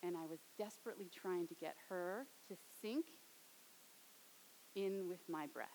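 A young adult woman preaching a sermon, dropping to a soft, hushed tone for storytelling and rising to emphatic appeals. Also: lowish voice, unhurried, pauses often, slight background noise, low-quality recording.

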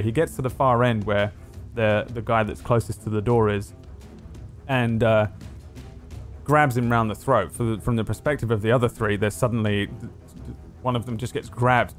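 A man's voice: fairly low pitch, fairly even intonation, moderate pace, soft background music. A man narrating as game master of a tabletop game, rambling and hesitant with many fillers.

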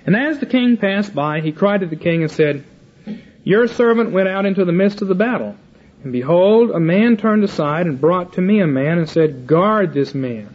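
Speaking at a normal speed with a high, animated voice, an older man gives a Bible lecture, casually paraphrasing scripture and acting out its dialogue. There's slight background noise, and the whole recording sounds muffled and lo-fi.

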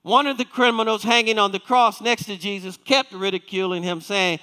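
A man's voice: high voice, sharp tone, clear, resonant tone, big-room sound. A male pastor preaching a sermon, reading scripture and asking the congregation questions. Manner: reads scripture aloud with emphatic, slowed quotes. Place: church sanctuary.

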